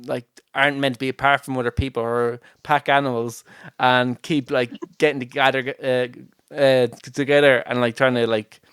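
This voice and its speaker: A man's voice: medium pitch, flat delivery, normal speed, fairly bright tone, clear, resonant tone, no room sound, studio quality. A man hosting a podcast from home, chatting casually with lots of fillers and frequent laughter. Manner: rambling, many fillers, laughs often. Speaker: podcast host. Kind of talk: casual chat.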